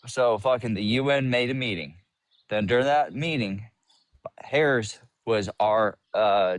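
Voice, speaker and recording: A man's voice: lowish voice, no room sound. A young man calling into a livestream debate, combative and swearing, often talking over the other speaker. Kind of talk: heated casual debate.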